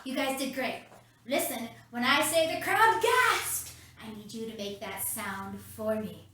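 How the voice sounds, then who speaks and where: A woman's voice: fairly high pitch, big pitch swings, unhurried, sharp tone. A woman leading kids' story time from her home, upbeat and talking straight to the children. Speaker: children's ministry leader. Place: at home, roomy indoor space. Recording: very echoey room, mic at a distance.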